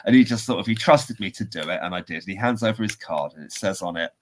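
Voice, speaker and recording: This podcast co-host speaks low and fast, with few pauses, as he rambles through a story during casual chat. Laughs and restarts punctuate the telling.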